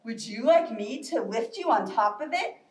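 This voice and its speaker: A woman voicing a polite bear in a children's story, asking around calmly. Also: fairly high pitch, moderate pace, pitched below the performer's own voice, natural voice. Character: polite searching bear asking for his hat. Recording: echoey room from far off.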